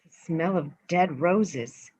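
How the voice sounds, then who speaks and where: A woman's voice: deep voice, a little slow, a little mellow, slightly rough, dry recording, highs cut off. A woman reading the part of a learned, earnest female treasure hunter in a staged play reading.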